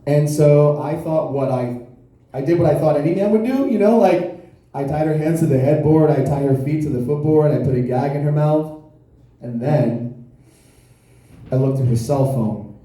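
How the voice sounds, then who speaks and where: A man performing stand-up comedy with a dry, self-deprecating delivery. His voice sits a little high and sounds very dark and mellow. It rings out in a very echoey club room. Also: normal speed. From South Florida. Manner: deadpan, self-deprecating storytelling.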